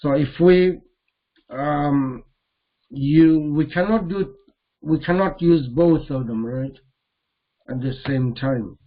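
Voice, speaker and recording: A man teaching Arabic grammar in a lesson, slowly repeating terms and putting questions to his students. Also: a little high, narrow, tinny audio. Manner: slow, deliberate, repeats terms and quizzes students. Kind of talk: live online grammar lesson.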